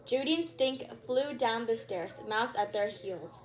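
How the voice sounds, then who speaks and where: Reading a children's book on her channel, this host chats in between and trips over a few words. She speaks at a measured pace in a fairly high, expressive voice.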